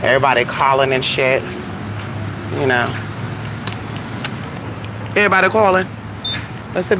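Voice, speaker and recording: A man's voice: medium pitch, expressive, moderate pace, pauses often. A man live-chatting with viewers from his car, sassy and profane, calling them "honey" and saying he is losing his voice. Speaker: vlogger. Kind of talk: casual live-stream chat. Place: in a car at a gas station. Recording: noisy phone audio in a car. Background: car and traffic noise.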